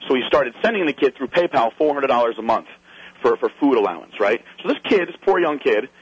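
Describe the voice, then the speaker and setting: A man casually telling a wild anecdote, animated and swearing, acting out other people's lines. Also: mid-range voice, a little fast, husky, dry recording, highs cut off.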